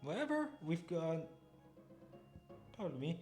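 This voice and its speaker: Man, let's-play commentary, lively pitch, talks over game music, thinks aloud. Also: measured pace, pauses often. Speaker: gaming channel host.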